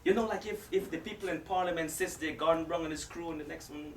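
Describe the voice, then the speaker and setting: A man's voice: a little high, fast, a little hiss or hum. Joking male preacher in an echoey hall. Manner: joking, addresses the audience directly. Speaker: Islamic preacher. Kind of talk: lively lecture to a live audience. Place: lecture hall with audience. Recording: echoey hall, distant mic.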